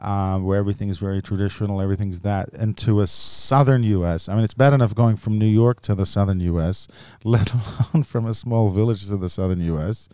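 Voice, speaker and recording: This is a man from Lebanon chatting on a podcast, with a smooth, resonant voice in a dry room. He tells stories with lively energy and is quick to slip into voices. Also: fairly low pitch, no room sound. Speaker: comedian guest. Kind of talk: casual podcast chat.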